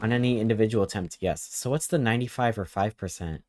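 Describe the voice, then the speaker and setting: A man's voice: on the low side, fast, darkish tone, a little hiss or hum. A young man streaming a game, chatting casually with viewers in a playful, rambling, joking way as he reacts to chat. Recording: game music playing behind the voice.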